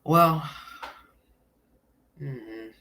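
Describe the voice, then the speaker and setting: A woman's voice: sits low, very slow, bright, forceful tone, slight background noise. A woman hosting casual commentary, candid and emphatic, often calling listeners honey. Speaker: commentary channel host.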